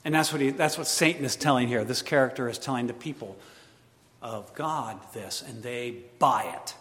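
A man preaching a sermon, animated, swinging between loud emphatic lines and hushed asides. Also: medium pitch, normal speed. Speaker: pastor. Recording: long hall reverb.

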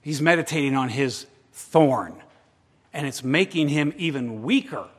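A man's voice: mid-range voice, animated, a little slow. A man preaching a sermon, acting out a worried believer's voice in the first person. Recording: long hall reverb.

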